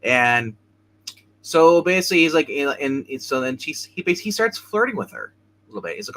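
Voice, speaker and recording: A man's voice: on the high side, very animated, brisk, fairly bright tone, low-quality recording. A man casually recapping a TV episode as co-host, rambling with many restarts and fillers. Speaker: show co-host.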